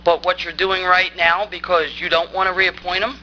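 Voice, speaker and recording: A woman's voice: fairly low pitch, level tone, moderate pace, pushed and bright, a little hiss or hum, low-quality recording. A woman resident speaking at public comment during a town council meeting, angry, accusing and insistent.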